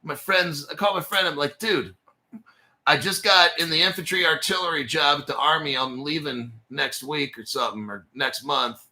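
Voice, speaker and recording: A crypto channel host in his forties, his voice very bright, sharp-toned and a bit high for a man, rambles through a story on a casual livestream at normal speed. He swears freely, laughs between phrases and jumps back to restart sentences.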